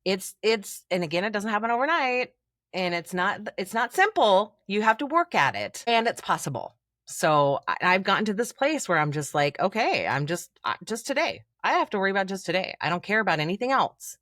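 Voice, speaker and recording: A woman coach speaking in a podcast interview, talking freely and acting out inner voices with big jumps in pitch. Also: sing-song, brisk, a bit bright, no echo, clean studio sound. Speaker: confidence coach guest.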